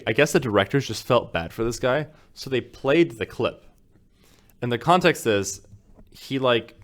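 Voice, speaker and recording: A young man telling a story in casual podcast chat, rambling with lots of "like" and acting out quotes. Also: medium pitch. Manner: rambling storyteller, acts out quotes with many fillers. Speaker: podcast co-host.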